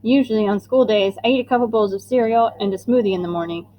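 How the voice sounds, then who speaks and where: A woman's voice: medium pitch, quick pace, dull audio, slight background noise. A woman reading a middle-grade novel aloud in the first person, with plain and earnest storytelling. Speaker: audiobook narrator. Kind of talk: first-person audiobook narration.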